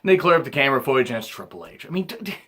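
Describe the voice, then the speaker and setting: A man in his thirties giving a rambling casual recap as a reviewer, often clearing his throat and restarting his sentences. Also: medium pitch, sing-song, rapid-fire, fairly bright tone. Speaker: wrestling reviewer.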